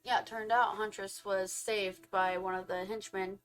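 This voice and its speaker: A young woman in a casual couple's film review, rattling through the plot with lively energy. She jumps into quick voices for each character as she goes, laughing and backtracking when she gets names wrong. Her pitch sits mid-range but swings around as she tells it. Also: clean tone. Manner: animated storytelling, acting out characters in quick quotes.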